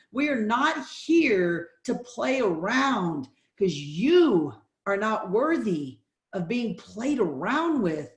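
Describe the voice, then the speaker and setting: Emphatic woman, slightly hoarse. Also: a little high. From Texas. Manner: emphatic, repetitive, preacher-like. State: hoarse from allergies. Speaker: sales presenter. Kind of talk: motivational sales presentation. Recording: roomy echo.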